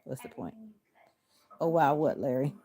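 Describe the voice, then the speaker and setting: A woman chatting casually on a livestream with her viewers in a deliberately flat, monotone manner while doing arm exercises on her couch. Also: extremely low pitch, breathy edge. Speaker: livestream host.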